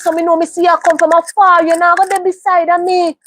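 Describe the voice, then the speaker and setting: A woman's voice: extremely high pitch, little pitch movement, fast, a bit bright, slight background noise. A woman, giving emphatic life advice in a casual livestream monologue and repeating phrases for stress. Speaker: livestream host.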